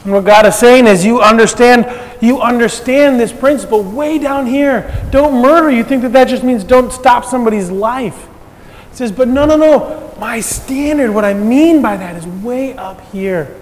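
A pastor with a high, light voice preaches to his congregation. He talks in an easy, conversational way with touches of humor. His voice rings through a reverberant church hall. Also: moderate pace, slight background noise. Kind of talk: sermon.

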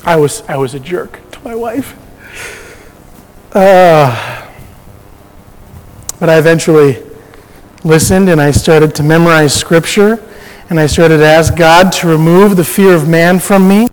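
A man's voice: on the high side, measured pace, long pauses, in a large hall, low-quality recording. A man sharing a personal faith testimony in a conversational storytelling way, often restarting his sentences.

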